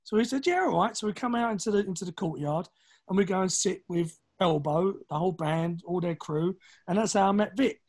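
A middle-aged man from East London with a London accent, telling anecdotes as a podcast guest, animated and acting out the voices of people in his stories. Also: high-pitched, a little fast, husky. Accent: London English. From East London, England. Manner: animated, acts out quoted voices, swears casually. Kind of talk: casual storytelling.

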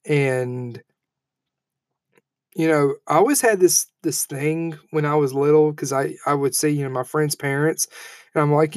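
A man in his thirties delivers a heartfelt eulogy in a fairly high voice. He speaks haltingly, with many fillers and false starts, and the sound is dry and close. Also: no echo. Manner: halting, with frequent fillers and restarts; heartfelt and emotional. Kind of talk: personal eulogy speech.

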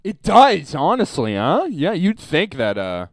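Young male co-host, animated and jokey, dry close-mic sound. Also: on the high side, unhurried, dry recording. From Canada. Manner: animated, jokey, swears freely. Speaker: podcast co-host. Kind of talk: casual chat.

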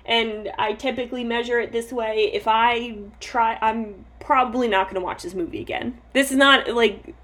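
A woman co-hosting a podcast in casual chat, chatty and quick to laugh, trailing off and restarting as she talks. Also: a little high, fairly even intonation, fairly bright tone. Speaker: podcast co-host.

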